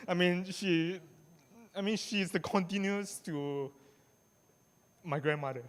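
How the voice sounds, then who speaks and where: A young man giving a halting, emotional groom's speech at a beach wedding, restarting often and adding "right?" as he goes. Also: sits high, big-room sound. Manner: halting, many restarts and tag questions. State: tearful. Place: outdoor beach wedding venue.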